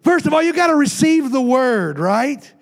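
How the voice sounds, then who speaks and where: A man's voice: very high-pitched, very animated, normal speed. A man preaching a sermon, reading scripture and tossing call-and-response asides to the congregation, with the occasional joke. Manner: jokes with congregation. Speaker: pastor.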